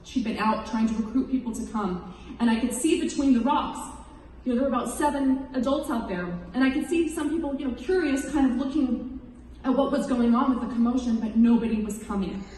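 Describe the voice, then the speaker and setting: In a personal testimony speech, a woman in her thirties with a somewhat high, warm voice speaks briskly, giving an earnest, emotional account to an audience. She is distant from the mic, and her words ring through a big echoey hall with a long reverb tail over a faint hiss.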